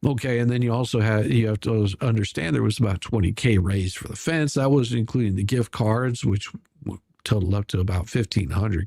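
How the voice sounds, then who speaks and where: A man's voice: on the low side, creaky, a little mellow, breathy edge, dry recording, studio quality. A man hosting casual drama commentary, sarcastic and rambling, with many restarts. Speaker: commentary channel host.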